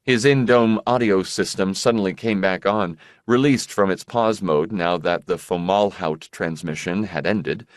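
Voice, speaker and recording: A man narrating an audiobook in a measured, expressive reading voice. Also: low voice, dry recording, studio quality. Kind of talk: scripted narration.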